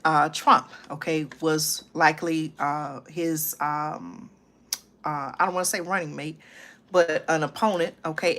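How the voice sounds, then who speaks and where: A woman hosting her own live stream, chatting casually with viewers and often checking in with a quick "okay?" between thoughts. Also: sits low, fairly bright tone. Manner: chatty, tags lines with "okay?" and "y'all"; drawn-out fillers and restarts. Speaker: livestream channel host. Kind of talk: casual livestream chat to viewers.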